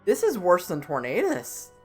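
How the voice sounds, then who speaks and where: A man commentating his own live gameplay stream, talking to himself and the game with quick reactions. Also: high-pitched, wildly swooping pitch, slightly rough, soft background music.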